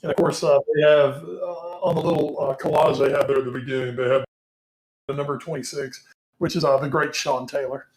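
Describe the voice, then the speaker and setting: A man's voice: on the high side, steady tone, fairly quick. A tired man co-hosting a casual sports podcast, rambling with lots of ums and casual swearing. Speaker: co-host. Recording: echoey room.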